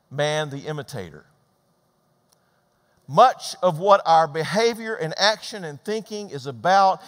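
Lively older preacher in a hall. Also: male voice, fairly high pitch. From Georgia, US. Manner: animated, conversational preaching with repetitions. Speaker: pastor. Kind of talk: sermon. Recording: long hall reverb.

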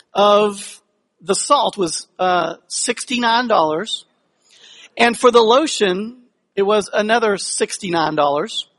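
High-voiced male pastor telling a story. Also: fairly bright tone. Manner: conversational, humorous, asks the congregation questions. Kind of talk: sermon with personal storytelling.

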